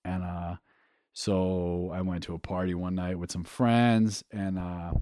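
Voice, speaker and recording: A young man from New Hampshire, a guest telling a candid personal story in a casual, profane way, halting with fillers. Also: sits low, level tone, background noise.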